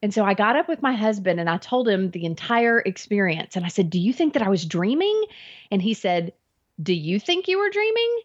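A woman's voice: mid-range voice, animated, a little fast. A woman guest in an interview, earnestly retelling a personal faith experience and acting out her own thoughts. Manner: earnest, vivid retelling with acted inner thoughts. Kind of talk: personal faith testimony storytelling. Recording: dull lo-fi audio.

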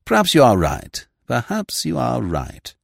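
A man voicing a young gentleman who speaks with elaborate, drily witty politeness. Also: fairly low pitch, wildly swooping pitch, normal speed, no room sound, studio quality, exaggerated voice. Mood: suave. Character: suave, languid young English gentleman.

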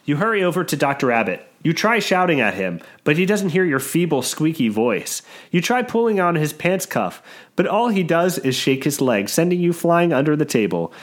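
A man's voice: a little high, moderate pace. A man hosting a comedy show, reading a storybook aloud with frequent laughs. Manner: laughs often, lively reading. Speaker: podcast host reading a storybook. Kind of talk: comedic read-aloud narration.

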